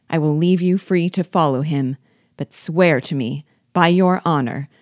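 A woman's voice: low-pitched, a little mellow, no room sound, studio quality. A woman voicing a scheming, sardonic male rebel chief with a sly, falsely frank manner in an audiobook reading.

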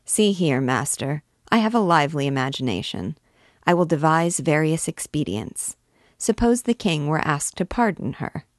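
In a clean, dry studio recording, a woman reads an audiobook passage, voicing a fretful, talkative male poet from a classic novel. She makes him anxious and pleading, her delivery excitable, quick and pitched higher.

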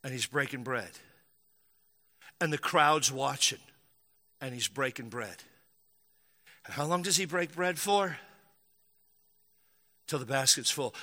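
A man preaching a sermon, telling the story with lively acted-out quotes and jokes to the crowd. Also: mid-range voice, a little slow, long pauses. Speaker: pastor. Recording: long hall reverb.

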